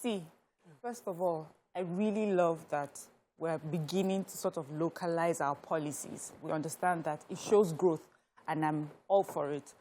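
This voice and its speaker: Animated Nigerian woman guest. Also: sits low, normal speed, slight background noise. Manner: animated, tells personal anecdotes with quoted dialogue. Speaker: panel guest. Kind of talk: studio panel discussion.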